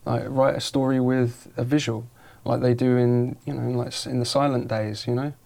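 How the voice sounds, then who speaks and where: A man's voice: medium pitch, little pitch movement, moderate pace, vocal fry, a little mellow. A man interviewing a guest in a casual podcast chat, rambling and correcting himself as he goes. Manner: rambling, self-correcting, lots of fillers.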